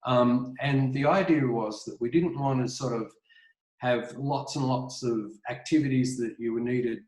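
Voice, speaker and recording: A man's voice: mid-range voice, measured pace, darkish tone. Australian male presenter, chatty webinar talk full of ums and restarts, echoey kitchen over a computer mic. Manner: rambling, many fillers and restarts, apologetic. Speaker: webinar presenter, art educator. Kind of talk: casual online presentation. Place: home kitchen.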